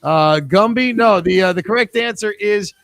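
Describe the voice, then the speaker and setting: A man's voice: high-pitched, moderate pace, gravelly, a bit bright, dry recording. A man hosting a live trivia podcast, reading out questions and joking with his co-hosts. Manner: joking, chatty, reads questions aloud. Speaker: trivia host.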